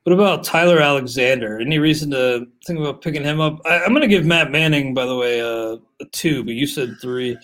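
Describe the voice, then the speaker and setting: A man's voice: mid-range voice, brisk, hardly any pauses. A man co-hosting a casual fantasy baseball podcast, steadily leading the talk from one pick to the next. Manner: steady, leads the segment, moves between topics. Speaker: podcast co-host.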